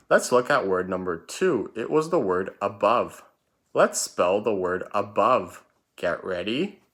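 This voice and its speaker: A man's voice: fairly low pitch, a bit bright, slight background noise. A man teaching a recorded spelling lesson for children, patient and repetitive, calling out words and letters.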